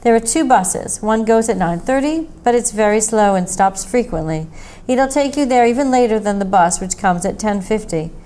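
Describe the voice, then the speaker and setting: A woman's voice: medium pitch, expressive, moderate pace, dark tone, lightly acted. A woman voicing a thin, talkative male roadside traveler with a thick accent. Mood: reassuring. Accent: thick put-on accent. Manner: chatty, folksy storyteller.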